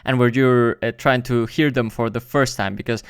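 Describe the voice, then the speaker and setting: A man's voice: medium pitch, steady tone, moderate pace, clean tone, no echo, studio quality. Hesitant man. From Mexico. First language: Spanish. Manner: hesitant, many fillers. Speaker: reaction channel host. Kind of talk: casual reaction commentary.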